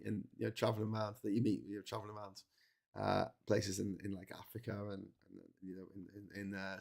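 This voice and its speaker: A man's voice: lowish voice, creaky, darkish tone. A man hosting a long solo livestream, telling travel stories in a rambling way with many restarts while he is losing his voice. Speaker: livestream host. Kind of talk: casual travel storytelling. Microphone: streaming setup.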